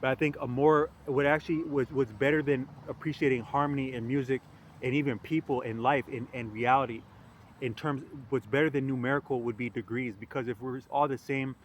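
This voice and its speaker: A man musing aloud in a casual philosophical monologue, rambling and halting with frequent restarts and fillers. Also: medium pitch, steady tone, a little hiss or hum. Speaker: podcast host.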